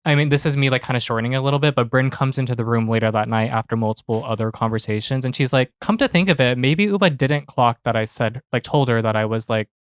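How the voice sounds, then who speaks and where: Smooth-voiced man recapping a reality show. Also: medium pitch, dry recording. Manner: retells scenes, quoting people in quick bursts. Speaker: podcast co-host. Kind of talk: casual recap chat.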